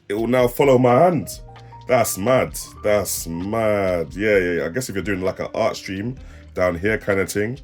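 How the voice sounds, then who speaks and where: Deep-voiced South East London tech reviewer. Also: male voice. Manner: London slang, laughs, lively and playful. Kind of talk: casual product demo to camera.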